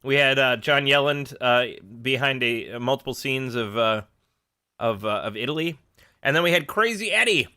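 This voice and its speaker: Bright, dry-sounding man telling a story. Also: mid-range voice, expressive, normal speed, smooth, dry recording. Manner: chatty storyteller, laughs often. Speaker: band member on a live stream. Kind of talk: casual chat.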